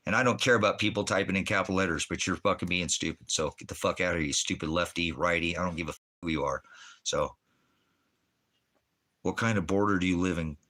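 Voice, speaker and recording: A man's voice: low voice, fast talker, pushed and bright. A man hosting a livestream from Oregon, ranting angrily and swearing at chat viewers. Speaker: livestream host reading chat. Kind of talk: profane ranting livestream talk.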